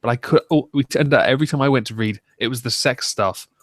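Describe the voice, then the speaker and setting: A man chatting casually on a call, wry and quick to swear and laugh. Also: mid-range voice, dry recording. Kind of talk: casual chat.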